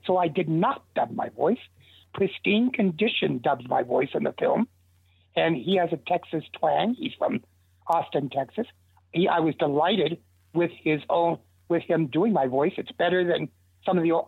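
A man's voice: a little high, normal speed, creaky, breathy edge, dry recording. An older man telling long, rambling stories as an interview guest, with restarts along the way. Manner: rambling, animated anecdotes with restarts. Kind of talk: casual storytelling. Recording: tinny dry phone line.

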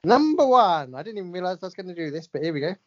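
A woman's voice: lowish voice, sing-song, racing, lo-fi sound. A woman co-hosting a casual comedic chat, giggly, playful and sweary. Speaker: podcast co-host.

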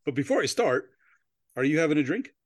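A man co-hosting a loose comedy podcast, his voice sitting a little high and swinging lively up and down as he cracks jokes and chuckles. He is recorded close and dry, with no room sound. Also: brisk, no echo. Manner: joking, laughs often, goofy tangents. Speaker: podcast host. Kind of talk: casual comedy podcast chat.

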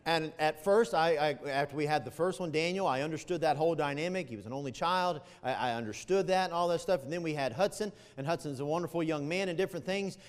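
A middle-aged man preaching a sermon, telling stories animatedly and swinging from loud emphatic peaks to low quiet asides. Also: fast talker, few pauses, long reverb tail. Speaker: pastor.

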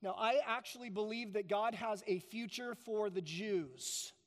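A man's voice: sits high, measured pace, in a large hall. A man preaching a sermon, emphatic, repeating key phrases for stress. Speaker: pastor.

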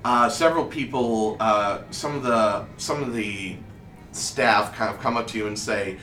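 A man running a tabletop game, narrating slowly with plenty of fillers. His voice is bright and a touch sharp. The recording is roomy and picked up from a distance, with faint noise behind it. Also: lowish voice, faint music behind. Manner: unhurried, full of fillers. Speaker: game master. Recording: echoey room, distant mic, faint noise.

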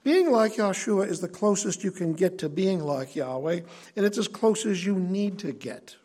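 Husky high-voiced male preacher. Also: animated, moderate pace, a little mellow. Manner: earnest, conversational teaching. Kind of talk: sermon.

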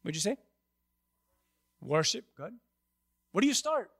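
High-voiced preacher, lively and dry. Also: male voice, measured pace, no room sound. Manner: conversational preaching, quizzing the congregation, acting out scripture voices. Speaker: pastor. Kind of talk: sermon.

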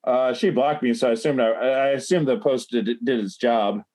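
A man's voice: mid-range voice, normal speed, darkish tone. A man telling a bar story in casual chat, rambling and profane with many fillers. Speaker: guest.

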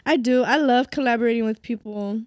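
A young woman chats as a podcast guest. She is giggly and loose, with lots of fillers. Her voice sits fairly high, and the sound is dry. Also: brisk, darkish tone, no room sound. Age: young adult. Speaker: guest singer. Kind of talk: casual chat.

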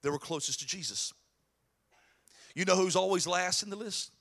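A man preaching a sermon as pastor, mixing animated preaching with folksy storytelling and joking asides. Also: high-pitched, moderate pace, vocal fry. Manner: animated preaching, voice rising in emphasis.

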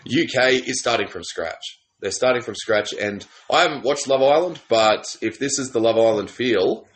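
A man's voice: medium pitch, lively intonation, normal speed, fairly bright tone. An Australian man hosting a casual podcast, chatty and laid-back, laughing easily. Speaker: podcast host.

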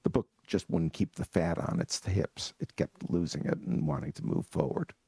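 A man, an author, telling lively anecdotes in a book talk, often restarting and laughing. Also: low voice, normal speed, gravelly, husky, dry recording. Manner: animated storyteller with frequent restarts and laughs.

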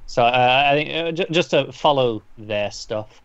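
A man of middle pitch talks through a story in a loose, rambling way, restarting and repeating words as he goes. The sound is dull and slightly lo-fi, with a dry, close feel. It is casual podcast chat. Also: moderate pace, fairly bright tone, no echo. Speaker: comic book podcast co-host.

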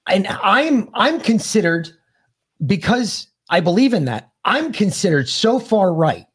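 Male podcast host, casual rambling delivery, animated pitch. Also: measured pace, breathy edge. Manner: rambling, restarts, lively intonation. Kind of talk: casual political chat.

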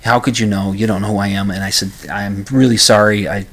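A man's voice: lowish voice, fairly even intonation, quick pace, a bit bright. A man hosting his own talk show alone, rambling and self-deprecating, with many restarts and fillers. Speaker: podcast host. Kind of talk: casual solo monologue.

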